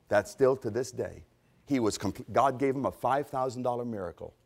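A middle-aged man preaching a sermon, fervent and rising to loud, emphatic peaks. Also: mid-range voice.

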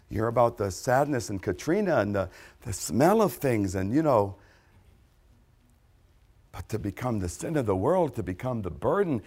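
A man in his fifties preaching a sermon, dramatic and repetitive, dropping from loud exclamations to hushed phrases. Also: medium pitch.

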